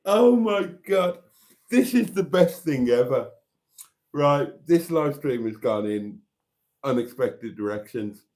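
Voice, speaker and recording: A man's voice: medium pitch, expressive, slow, darkish tone. A man hosting a casual live stream, rambling and self-mocking and laughing easily.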